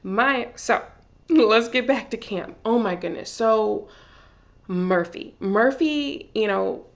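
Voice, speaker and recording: Gravelly-voiced woman gushing about TV. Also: fairly high pitch, slow, highs cut off. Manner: gushing, filler-heavy chatter. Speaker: TV recap vlogger. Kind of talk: casual TV recap.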